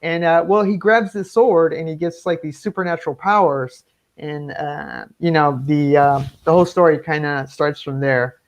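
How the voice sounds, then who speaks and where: A man's voice: a little high, moderate pace. A man, a guest comic artist, chatting casually over a video call, rambling with many fillers and restarts. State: voice cracking from talking. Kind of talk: casual interview chat.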